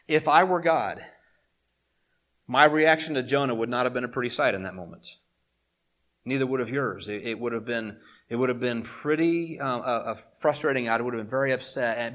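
Middle-aged male pastor, conversational sermon delivery, punches key points then drops low for asides. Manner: conversational preaching with emphatic swells and quiet asides.

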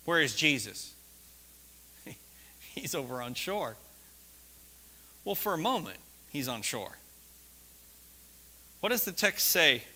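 Bright-voiced, high male preacher. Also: slow pace, long pauses. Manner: animated storyteller, laughs often, shouts quoted lines. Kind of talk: sermon with personal story.

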